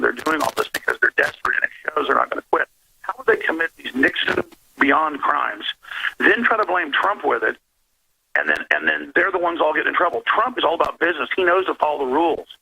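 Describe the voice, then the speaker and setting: A man's voice: a little high, sharp tone. A man calling in to a talk radio show, speaking in a rambling, emphatic way over a phone line. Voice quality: gravelly.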